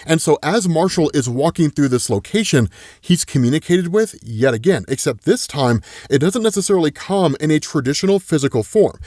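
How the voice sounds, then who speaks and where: A man narrating a casual comic book recap in an animated, conversational way, often tagging his points with a question. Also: a little high, a little fast, no echo, clean studio sound. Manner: animated, conversational, uses 'right?' tags. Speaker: comics YouTuber.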